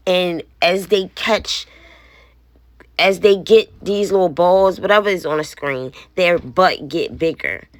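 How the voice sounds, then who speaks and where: Slow, low-voiced indignant mother. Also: no echo. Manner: indignant, blunt, swears. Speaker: parent vlogger. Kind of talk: casual vlog, showing a phone.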